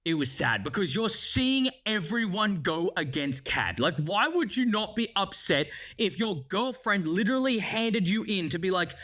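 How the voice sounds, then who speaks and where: Excitable, bright-voiced male reviewer. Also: sits high, normal speed, few pauses. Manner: animated, excitable, swears freely. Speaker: show reviewer. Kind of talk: casual spoken review.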